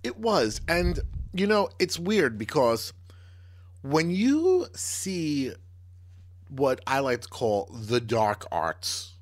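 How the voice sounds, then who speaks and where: A man's voice: fairly high pitch, wildly swooping pitch, slow pace. A man co-hosting a podcast in casual chat, joking and laughing often. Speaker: podcast co-host.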